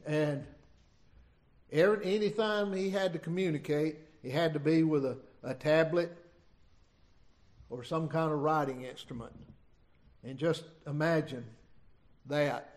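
A middle-aged man preaching an informal sermon, reading scripture and retelling it in a folksy, halting way. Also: on the high side, darkish tone. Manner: folksy, halting, many restarts and asides.

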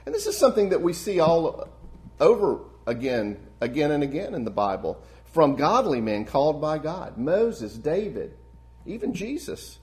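A male preacher delivers a sermon in an earnest, pastoral way. His voice sits in an ordinary middle pitch for a man. He climbs into emphatic peaks on key points and then falls back to quiet, gentle phrases. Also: sing-song, moderate pace.

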